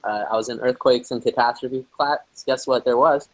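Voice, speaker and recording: A man's voice: mid-range voice, fairly even intonation, normal speed. Young male student on a video call, medium voice, mocking and crude, slight background hiss. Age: young adult. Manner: irreverent, swearing, teasing. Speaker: undergraduate student. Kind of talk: casual group video call chat.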